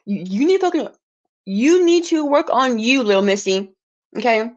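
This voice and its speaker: A woman's voice: high voice, expressive, moderate pace, a little mellow, dull audio. A woman livestreaming an angry, profane rant, stumbling and restarting words as she gets heated.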